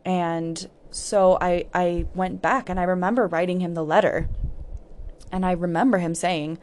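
A woman's voice: lowish voice, steady tone, measured pace, darkish tone. A woman hosting a podcast, telling a candid personal story in a reflective way, with frequent "like" fillers. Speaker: podcast host. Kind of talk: personal storytelling about healing.

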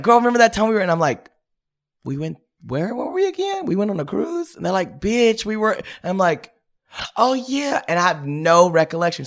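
Man, interview guest, sassy, theatrical, mid-pitched voice. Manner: sassy, theatrical, calls people honey and girl. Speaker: interview guest, actor and drag performer. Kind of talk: animated interview storytelling.

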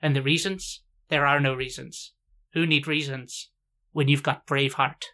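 A man's voice: medium pitch, fairly even intonation, moderate pace, pushed and bright. A man delivering a sweary comic parody monologue in a rhythmic, listing cadence.

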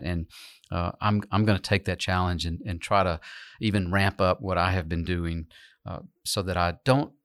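A man, a pastor co-hosting a church podcast, talking in a relaxed, thoughtful way with frequent restarts. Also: fairly low pitch, no room sound, clean studio sound. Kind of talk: casual conversation.

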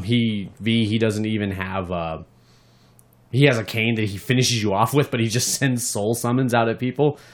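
A man co-hosting a gaming podcast, chatting casually and ranting with plenty of swearing. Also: fairly low pitch. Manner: animated and profane, ranting about games. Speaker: podcast co-host. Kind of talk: casual chat.

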